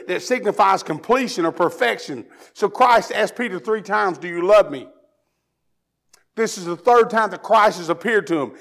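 A preacher from Tennessee with a Southern drawl and a high voice. He drops to a hushed, prayerful murmur, then climbs into loud, fervent preaching. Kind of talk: sermon.

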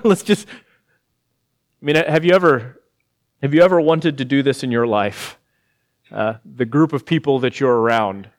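A man's voice: medium pitch, a little slow, pauses often. Middle-aged guy preaching, gets worked up and emphatic, laughs a bit in between. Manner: animated, laughing asides, rising to emphatic peaks. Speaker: pastor. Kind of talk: sermon.

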